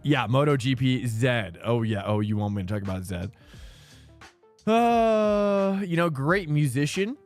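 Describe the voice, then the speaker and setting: A man's voice: medium pitch, expressive, normal speed, hardly any pauses, faint music behind. A man streaming sim racing, chatting loosely with viewers and saying dude and bro. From United States. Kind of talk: casual live-stream chat.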